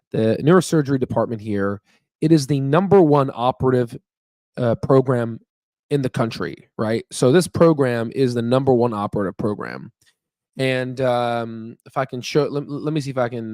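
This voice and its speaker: Staying in Memphis, Tennessee, a young stock market channel host rambles casually on a Wi-Fi livestream, using fillers and laughing. His medium-pitched voice is a little mellow, studio quality with no room sound.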